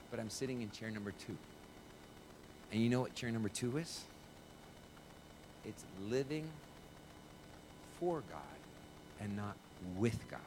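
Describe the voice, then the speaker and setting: A man preaching as a pastor, telling a story with lively quoted voices before a congregation. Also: lowish voice, noisy background. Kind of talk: sermon with storytelling. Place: church stage before a congregation.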